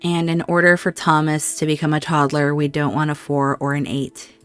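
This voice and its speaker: Expressive woman narrating her gameplay. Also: deep voice, moderate pace, clear, resonant tone, soft background music. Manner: emotional, reacts aloud and talks to her characters. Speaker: gameplay video host. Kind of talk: casual gameplay commentary.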